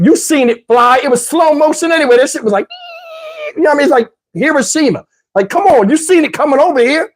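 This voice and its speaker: Animated middle-aged man telling a story. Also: very high voice, fast. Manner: animated, laughing, slangy and profane. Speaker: vlogger telling a dating story. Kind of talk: casual storytelling to camera.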